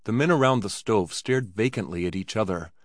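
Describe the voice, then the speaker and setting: A man narrating a story aloud in a steady storytelling delivery. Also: lowish voice, brisk, dry recording, clean studio sound. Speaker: audiobook narrator. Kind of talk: scripted narration.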